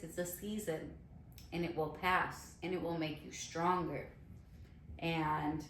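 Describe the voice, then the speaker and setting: A woman's voice: lowish voice, slight background noise. Earnest woman in an echoey room. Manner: heartfelt, earnest, faith-filled encouragement. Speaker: podcast host. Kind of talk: casual inspirational talk. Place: apartment room at home.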